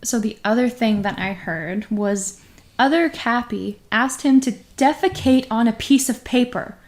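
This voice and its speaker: A woman's voice: on the high side, unhurried. A woman co-hosting a casual podcast, retelling an eerie story and laughing often as she talks. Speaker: podcast co-host.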